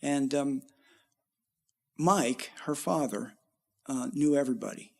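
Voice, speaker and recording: A man's voice: mid-range voice, takes it slowly, creaky. A middle-aged man, a musician guest, telling long rambling stories in a casual interview. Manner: rambling, animated when quoting others.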